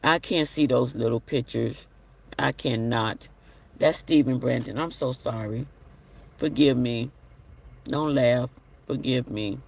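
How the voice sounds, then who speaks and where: A man's voice: medium pitch, slow pace, gravelly, long pauses, far from the mic. A man hosting a casual live stream, chatting and reading viewer comments aloud with an apologetic manner. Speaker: livestream host.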